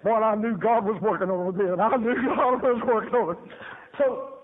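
Over a tinny, phone-like radio broadcast, a man shares his testimony as a sermon story, speaking at a normal pace in a high voice. His style is folksy and forceful, with frequent laughter and repeated phrases.

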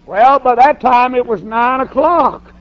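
High-voiced older preacher. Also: male voice, unhurried. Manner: folksy, rising to shouts. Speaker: pastor. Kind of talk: storytelling sermon. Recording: dull lo-fi sermon recording.

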